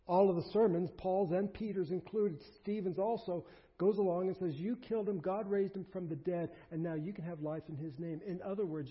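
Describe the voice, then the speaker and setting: A man preaching a sermon as a pastor, emphatic and rising to forceful peaks. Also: high-pitched. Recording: dull lo-fi sermon recording.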